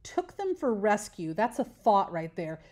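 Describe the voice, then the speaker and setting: A woman's voice: mid-range voice, sing-song, unhurried, a little mellow. A woman teacher giving a recorded lesson, patiently explaining step by step and asking questions that she then answers herself.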